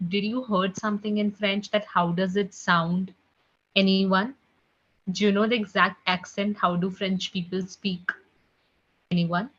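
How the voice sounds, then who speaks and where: A woman's voice: medium pitch, steady tone, measured pace, fairly bright tone. A woman tutoring a live online French class, chatty and repeating "guys" and "okay" often, heard over a video call. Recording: muffled video call audio.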